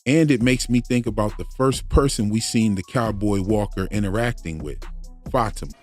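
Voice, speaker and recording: A man walks through TV mystery theories in casual commentary, reasoning aloud as he goes. His voice sits on the low side. Soft music plays beneath him. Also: normal speed. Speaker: YouTube theory channel host.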